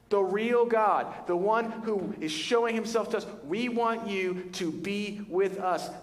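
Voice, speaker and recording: A man preaching a sermon as pastor, telling the story in a lively, casual way and acting out the voices of the people in it. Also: sits high. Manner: animated storytelling, voicing Moses and God in casual paraphrase. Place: large church hall. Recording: church hall reverb.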